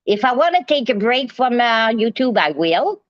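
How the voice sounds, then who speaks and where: A woman's voice: a little high, big pitch swings, moderate pace, no room sound. A woman hosting a livestream, giving a heated rant straight at a rival, repeating herself, with non-native phrasing. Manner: repetitive, confrontational, talks straight to a rival. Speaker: livestream host. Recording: dry, dull lo-fi sound.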